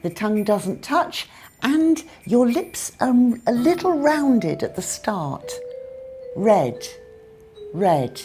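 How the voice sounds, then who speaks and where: A woman with a British accent teaching English pronunciation, modelling sounds clearly and carefully. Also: on the high side, big pitch swings, slow, dark tone, faint music behind. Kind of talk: pronunciation lesson.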